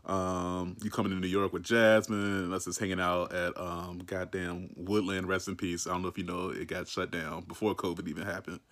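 Man, very low voice, casual birthday message, rambling, filler words. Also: flat delivery, normal speed, few pauses, fairly bright tone. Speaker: friend leaving a birthday message.

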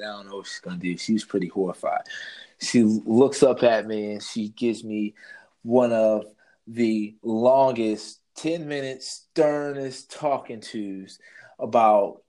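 A man's voice: on the low side, darkish tone. A young man telling a school story in casual chat, laid-back and slangy, laughing as he goes. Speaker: co-host.

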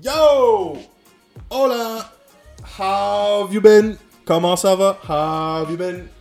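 A man doing an impression of a female pop star in a high, sung falsetto. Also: takes it slowly, roomy sound, music in the background. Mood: flirty.

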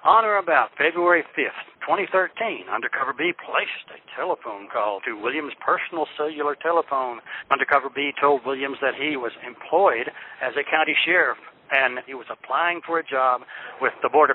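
A man's voice: medium pitch, animated, normal speed, slightly rough. A man reading legal documents aloud in a dry, matter-of-fact way. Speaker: reader of court documents. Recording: slightly dull, lo-fi sound.

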